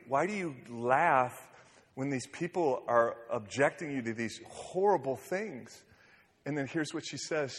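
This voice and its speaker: A man's voice: medium pitch, fairly bright tone. A man preaching in an earnest, conversational way, often restarting his sentences, in a church hall. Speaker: pastor. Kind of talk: sermon. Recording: echoey hall.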